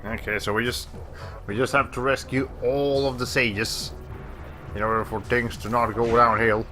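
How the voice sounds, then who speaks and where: A man's voice: mid-range voice, steady tone, normal speed, pushed and bright, soft background music. A man streaming a video game, giving casual, rambling commentary as he plays, laughing often and correcting himself.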